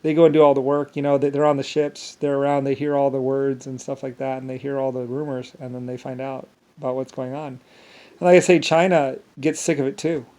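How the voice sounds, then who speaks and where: A man's voice: mid-range voice, flat delivery, a little fast, warm tone. A man talking alone in a meandering monologue, full of restarts and filler words. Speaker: solo vlogger. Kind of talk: rambling monologue.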